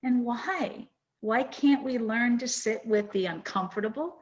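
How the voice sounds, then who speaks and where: Woman in her fifties, podcast host, earnest and reflective, a bit high voice, dull lo-fi sound. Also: a little slow. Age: 50s. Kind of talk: personal storytelling on a podcast.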